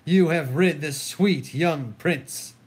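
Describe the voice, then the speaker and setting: Man reads furious mourning queen, slow declaimed verse, highish. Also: husky, exaggerated voice. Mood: raging grief. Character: grieving furious queen, a woman. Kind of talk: solo dramatic reading of a play.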